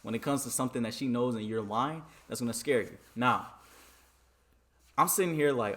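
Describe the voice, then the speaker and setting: A man from Michigan telling a story in a casual vlog, animated and dramatic, often repeating "you know what I'm saying.". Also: medium pitch, brisk, pauses often. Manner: dramatic re-enacting of dialogue.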